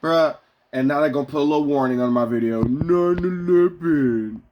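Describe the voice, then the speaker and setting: A man venting casually to his viewers in a profane, rambling way, swinging between heated outbursts and quieter musings. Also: mid-range voice, fairly even intonation, fast, highs cut off, slight background noise. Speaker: vlogger. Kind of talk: casual rant to camera.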